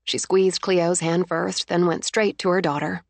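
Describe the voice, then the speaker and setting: A woman's voice: fairly low pitch, flat delivery, a little slow, few pauses, no echo. Woman narrating an audiobook, dry close sound.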